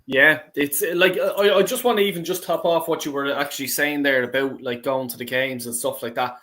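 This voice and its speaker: An Irish man hosting a casual fan call-in chat, talking in an excitable, sweary and rambling way. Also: mid-range voice, a little fast. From Ireland. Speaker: host.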